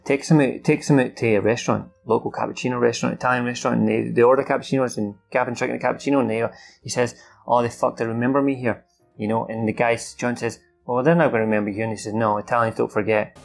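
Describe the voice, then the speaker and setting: A man's voice: medium pitch, fairly even intonation, fast, creaky, faint music behind. A man recalling a film from memory in a loose, rambling way, with many fillers, restarts and some swearing. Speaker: film recap host. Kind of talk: casual off-the-cuff recap.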